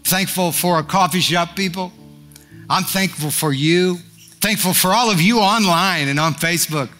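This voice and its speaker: A man's voice: high-pitched, moderate pace, sharp tone, faint music behind. A male pastor preaching a sermon, fervent and declaring, rising to emphatic peaks.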